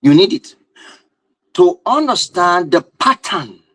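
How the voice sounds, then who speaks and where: A man's voice: high-pitched, big pitch swings, takes it slowly, fairly bright tone, dry recording, poor audio. A man giving a live-stream talk on relationships and marriage, emphatic and driving his points home with repeated rhetorical questions.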